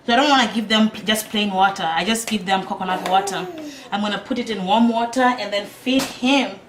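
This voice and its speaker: Speaking at medium pitch and a little fast over crowd noise, this African mother of twins casually shows how she feeds her baby at home. She's chatty, laughs a lot, and repeats "you see." The audio is roomy with a faint hiss.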